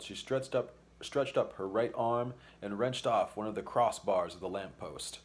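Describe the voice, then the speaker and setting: A man reading a children's fantasy story aloud as audiobook narration, in a measured, expressive way. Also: lowish voice. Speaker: audiobook reader.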